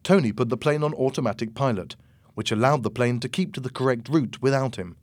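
A man reads a storybook chapter aloud in slow, measured narration. His pitch sits in an ordinary middle range. The recording is dry and close, with no room sound. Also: no echo. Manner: slow, measured, clear reading. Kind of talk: scripted audiobook narration.

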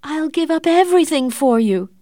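A woman voicing an anxious young woman who pleads in a high, tearful voice. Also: very animated, unhurried, dry recording, studio quality. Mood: desperate.

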